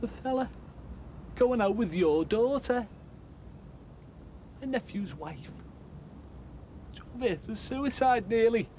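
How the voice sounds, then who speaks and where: An actor playing a resentful, drunken working-class bar owner in a TV drama. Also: male voice, very high-pitched, expressive, slow pace, pauses often, full character voice. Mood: drunk raging. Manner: resentful, sneering, shouting at night. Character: bitter drunken middle-aged working-class barman. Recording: hissy old TV recording.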